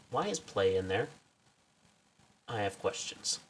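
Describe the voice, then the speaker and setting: A man's voice: lowish voice, expressive, slow pace, husky, recorded from a distance. A man giving casual, wry commentary while streaming a game, full of self-mocking asides.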